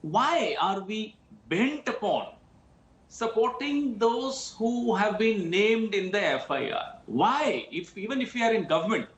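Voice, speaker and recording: A man's voice: sits high, animated, measured pace, a bit bright, echoey room, a little hiss or hum. A man from India, a party spokesperson, arguing passionately and insistently in a TV debate. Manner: impassioned, insistent. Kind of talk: heated TV debate.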